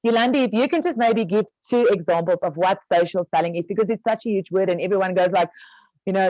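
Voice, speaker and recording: A woman's voice: on the low side, fast, mellow, no echo. Woman, casual trainer, lots of ums, dull dry call sound. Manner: casual, many fillers, explains step by step. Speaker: network marketing trainer. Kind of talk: online business training call.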